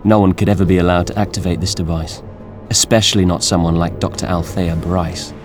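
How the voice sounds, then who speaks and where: Low-voiced male audiobook narrator. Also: loud music behind the voice. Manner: measured storytelling, expressive. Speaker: audiobook reader. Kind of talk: scripted narration.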